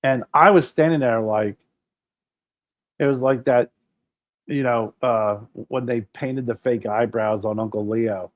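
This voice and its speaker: Co-hosting a casual podcast chat, this middle-aged man tells stories with lots of swearing, animating the people he quotes. His mid-range voice moves at a measured pace, and the recording has no echo but its highs are cut off.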